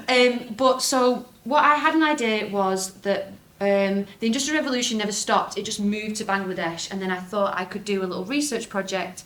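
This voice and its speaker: Bright-voiced Lancashire woman, wry and joking. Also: mid-range voice, moderate pace. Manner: wry, self-mocking humour with laughing asides. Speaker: folk singer giving a talk. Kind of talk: live festival talk. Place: festival talk venue, indoors. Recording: echoey room from a live talk.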